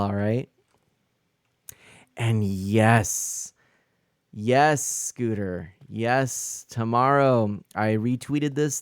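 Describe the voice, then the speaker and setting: A man talks through his live game stream in a loose, rambling way, picking up chat messages as he goes. His voice sits in an ordinary middle pitch. The sound is close and dry, with no room echo. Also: smooth. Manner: rambling, answers chat, many fillers and restarts. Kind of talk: casual live-stream chat while playing.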